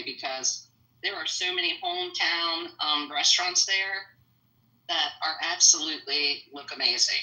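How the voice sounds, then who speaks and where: A woman chatting casually in an online audio room, animated and upbeat. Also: fairly low pitch, normal speed, rough recording. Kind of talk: casual chat.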